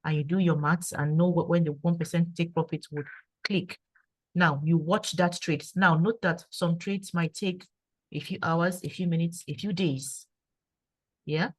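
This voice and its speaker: A woman's voice: lowish voice, steady tone, unhurried, dry recording, poor audio. A woman speaking at an online meeting, sharing her story and giving advice, who stammers and repeats words now and then.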